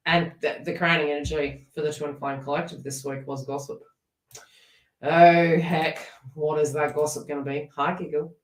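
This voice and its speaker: A woman reads tarot live in a lively, chatty way, laughing as she talks to her viewers. Her voice sits a little low and sounds set back from the mic in an echoey room. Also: moderate pace, far from the mic. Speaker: tarot reader.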